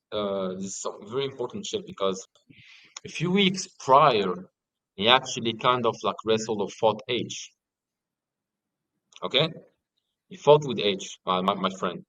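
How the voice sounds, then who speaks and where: A young man in a casual interview, telling stories in an animated way and swearing often. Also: medium pitch, no echo, poor audio. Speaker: guest.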